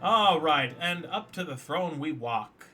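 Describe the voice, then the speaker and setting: A man's voice: fairly high pitch, expressive, slow, bright, forceful tone, soft background music. A man casually commentating a game on a live stream, joking and teasing a viewer.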